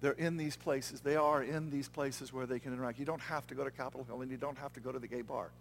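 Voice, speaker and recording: A man's voice: mid-range voice, steady tone, fast, a little hiss or hum. A man preaching a sermon as pastor, earnest and conversational, often checking in with the congregation. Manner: earnest, conversational preaching with frequent "okay?" and "right?" check-ins. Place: church.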